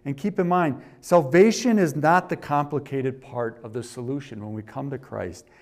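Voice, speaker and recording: A middle-aged man preaching a sermon. He reads a story aloud, rises in volume for scripture, and drops low for asides. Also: normal speed. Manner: varies loudness a lot, rising for scripture and dropping for asides. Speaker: pastor.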